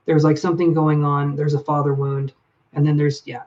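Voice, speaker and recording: Man, fairly high voice, live-stream relationship advisor who talks to chat by name, murky lo-fi audio. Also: little pitch movement, moderate pace, a little mellow. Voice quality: reflective, speaks straight to viewers by name. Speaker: livestream reader and relationship advisor.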